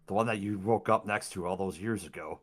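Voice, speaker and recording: A man narrating a tabletop game as dungeon master, describing scenes in an expressive way. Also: low voice, fairly quick.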